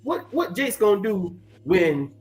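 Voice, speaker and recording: Slangy middle-aged preacher guy, high voice all over the place, says man a lot, reads verses slow. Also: poor audio. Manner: animated and emphatic, slows down to read verses; slangy, repeats "man" often. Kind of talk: streetwise online preaching with scripture reading.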